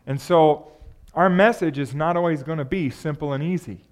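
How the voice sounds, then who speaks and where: A pastor preaching a sermon in a conversational way, often asking the congregation rhetorical questions. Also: male voice, a little high, moderate pace, darkish tone.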